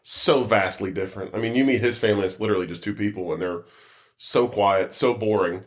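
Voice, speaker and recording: A man's voice: fairly low pitch, fairly quick. A man co-hosting a podcast in casual chat, easygoing and self-deprecating, laughing often. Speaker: podcast co-host. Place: basement.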